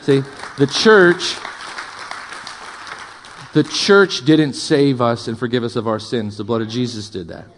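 A male pastor preaching a sermon, impassioned, with loud emphatic build-ups, quieter asides and jokes for the congregation. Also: mid-range voice, a little slow, pauses often, some chatter behind, a little hiss or hum.

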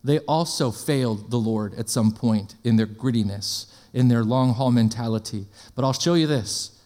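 A man preaching a sermon in an energetic, conversational way, often asking the congregation questions and slipping in jokes. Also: mid-range voice, moderate pace.

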